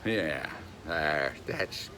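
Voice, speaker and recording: A man's voice: rumbling low, expressive, drawn-out words, crowd noise. A man talking affectionately to his pet parrot in a coaxing, sing-song way, full of playful questions. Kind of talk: affectionate talk to a pet bird.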